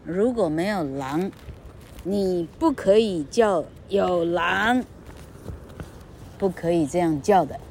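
A woman's voice: lowish voice, lively intonation, slow pace, pauses often, darkish tone, a little hiss or hum. A woman voicing a stern but fond village father who speaks firmly and scolds. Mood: scolding. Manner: firm, scolding.

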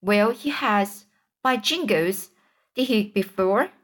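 A woman with a medium-pitched voice reads slowly, voicing Huck in a storybook. She portrays him as a timid, superstitious boy whispering fearfully.

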